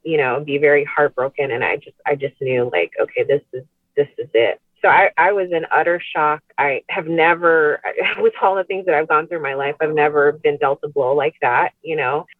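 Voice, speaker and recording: A middle-aged woman telling a personal story as a podcast guest, speaking in a halting, earnest way with restarts and nervous laughs, over a remote call. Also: deep voice, fairly even intonation, no echo. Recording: tinny phone-line call.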